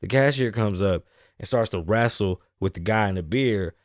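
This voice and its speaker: A man's voice: fairly low pitch, moderate pace, no room sound, clean studio sound. A man hosting his show, telling a casual, profane story time with lots of laughing. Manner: laughs often between lines. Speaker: host.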